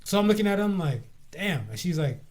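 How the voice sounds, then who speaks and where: A man co-hosting a podcast, telling stories in a lively, animated casual chat. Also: fast talker. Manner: animated storytelling, swings pitch. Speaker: podcast co-host.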